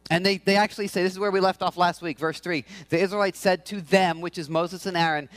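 Male pastor, high-pitched voice, casual conversational sermon, dry close sound. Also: a little fast, hardly any pauses, no room sound. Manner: prays softly, then preaches in a conversational, animated way.

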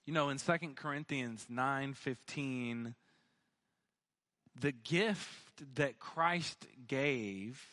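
A man's voice: medium pitch, slow, a bit bright. A man preaching a sermon, telling a personal story and building to fervent emphasis. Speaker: pastor.

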